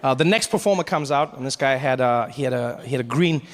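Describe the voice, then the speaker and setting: A man doing stand-up comedy, telling a story in an animated way and slipping in voices for the people in it. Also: mid-range voice, quick pace, big-room sound, background noise.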